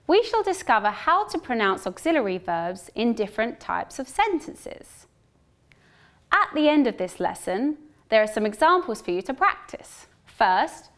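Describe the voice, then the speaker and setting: A woman teaching English pronunciation in a slow, carefully articulated, scripted narration. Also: fairly high pitch. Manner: slow, careful, clearly articulated, modeling example sentences.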